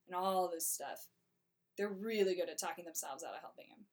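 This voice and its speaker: A woman's voice: lowish voice, a little fast. A young woman casually summarizing a play's plot, wry and chatty, full of filler words. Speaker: storyteller summarizing a play.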